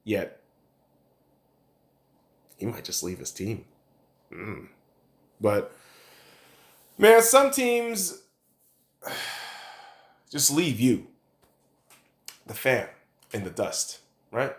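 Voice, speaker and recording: Male podcast host, mid-pitched voice, blunt, swearing, rambling sports rant. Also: wildly swooping pitch, drawn-out words, pauses often. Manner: blunt, profane, opinionated, rambling with restarts. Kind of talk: casual sports opinion rant.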